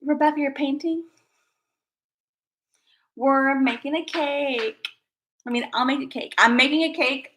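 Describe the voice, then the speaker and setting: A young woman chats to her viewers on a casual livestream, bubbly and easily excited. Her voice sits high and sounds bright and forceful. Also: unhurried, pauses often. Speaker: livestream host.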